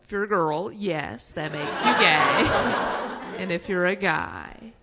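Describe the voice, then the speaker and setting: A man doing quick, sassy stand-up. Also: sits high, a loud crowd. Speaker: stand-up comedian. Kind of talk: stand-up routine. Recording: very noisy stage recording.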